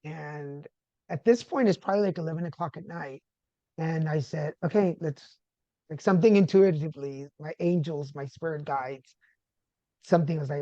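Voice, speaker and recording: A man from Texas, a podcast guest, telling a personal story in a relaxed conversational way and acting out the voices of people he quotes. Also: fairly high pitch, moderate pace, no echo, lo-fi sound. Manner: animated, acts out quoted dialogue.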